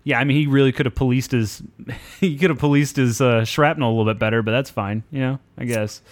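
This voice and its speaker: A man's voice: medium pitch, steady tone, fast. A young man telling a long, profane, self-mocking story in a casual podcast chat. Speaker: podcast co-host.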